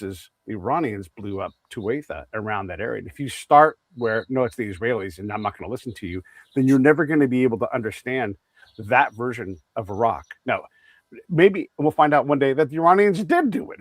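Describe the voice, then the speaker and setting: A man's voice: mid-range voice, no echo. A man hosting an interview, telling long rambling stories with many restarts and asides. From United States. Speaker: podcast host. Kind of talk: conversational interview.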